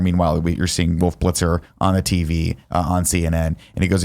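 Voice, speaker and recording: A man's voice: sits low, fast talker, vocal fry, few pauses, a little mellow. A man in his thirties casually recapping a movie as a podcast host, acting out quoted lines with swearing. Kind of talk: casual movie review chat.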